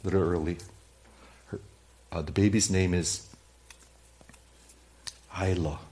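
Pastor, male, low-pitched, preaches a church sermon with big dynamic swings, questions the congregation directly. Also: fairly even intonation, unhurried. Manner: swings from loud emphasis to hushed, near-whispered asides; conversational, speaks straight to the congregation with questions.

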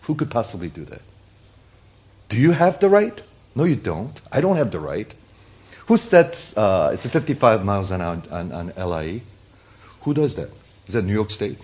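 A man preaching from the pulpit in a fairly low voice that leaps up and down with feeling. He hammers his points with rhetorical questions and calls out to his listeners directly, then lets his phrases sink into quiet, low endings. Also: very animated, normal speed, pauses often. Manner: emphatic, piles up rhetorical questions, swings from loud peaks to quiet low endings; addresses listeners directly as "people". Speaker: pastor. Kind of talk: sermon.

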